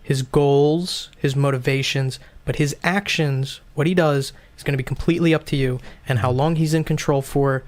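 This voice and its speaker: A man's voice: medium pitch, fairly even intonation, moderate pace, few pauses. Man running a tabletop game. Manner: explaining rules patiently, checking in with "okay?". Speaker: game master.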